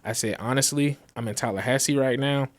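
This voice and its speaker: A man's voice: mid-range voice, brisk. A man in his thirties, a designer and guest, telling stories in a casual chat and acting out the dialogue. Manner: lively storyteller who acts out quoted dialogue. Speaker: guest, graphic designer and business founder.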